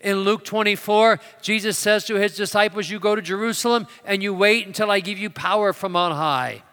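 A man delivering a sermon in a large church sanctuary, his voice bright and fairly high. He swings from loud, emphatic declarations down to quiet storytelling, and a long reverb trails after his words. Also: brisk, clean tone. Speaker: preacher.

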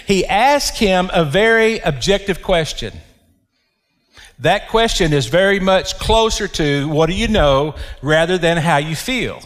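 A man preaching a sermon, reading scripture and explaining it with slow, emphatic delivery and dramatic pauses. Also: a little high, lively intonation, long reverb tail.

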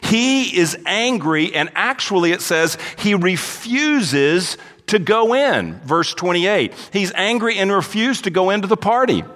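A male pastor with a high, animated but unhurried voice and a fairly bright tone delivers an expository sermon in church. He reads scripture aloud, then explains it verse by verse, with a long hall reverb on the recording.

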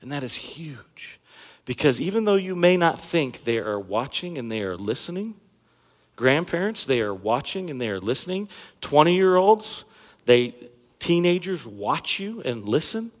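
Male pastor, 30s, sermon, conversational and joking, emphatic key words, bright high voice, long church-hall reverb. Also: sing-song, a little slow. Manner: conversational and humorous, jokes with the congregation. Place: church sanctuary stage under bright lights.

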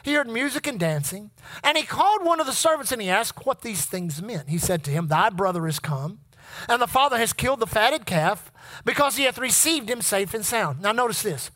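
Preacher mid-sermon with a sharp, bright voice, leading the crowd to echo lines back. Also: medium pitch, lively intonation, a little fast. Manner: call-and-response with the congregation; reads scripture in King James wording.

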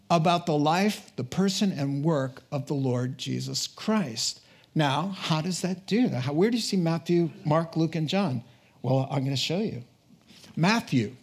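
A man preaching a sermon, animated and emphatic, repeating key phrases for effect. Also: a little high.

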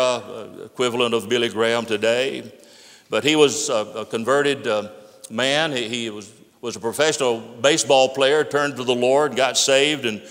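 Guy pastor preaching, bright ringing voice, long church reverb, gets loud on quotes then goes low. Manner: storytelling preacher, rises to emphatic quotes, drops low for solemn points. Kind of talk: sermon. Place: church sanctuary. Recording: echoey sanctuary with long reverb.

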